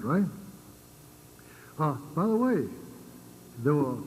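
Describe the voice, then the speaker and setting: An older man with a Virginian accent giving an informal lecture to a congregation, halting and full of fillers and repeated words. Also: fairly high pitch, a little mellow, slight background noise, low-quality recording. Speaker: church speaker.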